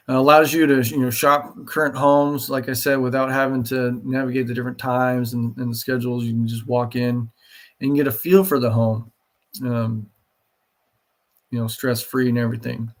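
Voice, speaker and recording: A man talking as a real estate agent on a live show, pausing often with fillers. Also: medium pitch. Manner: hesitant, many fillers. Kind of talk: live promotional talk.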